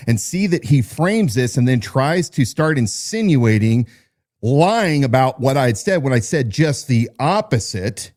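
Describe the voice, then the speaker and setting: A man's voice: mid-range voice, animated, normal speed, a little mellow. A man hosting a political talk show, commenting in an indignant, emphatic way.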